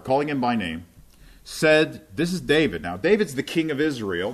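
A man preaching in a conversational teaching style, often checking in with his listeners as he explains scripture. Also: lowish voice. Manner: checks in with listeners often, asking "right?" and "okay?".

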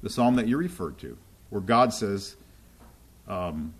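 A man's voice: fairly low pitch, animated, unhurried, breathy edge. A man preaching in a conversational teaching style, often checking in with his listeners as he explains scripture. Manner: checks in with listeners often, asking "right?" and "okay?".

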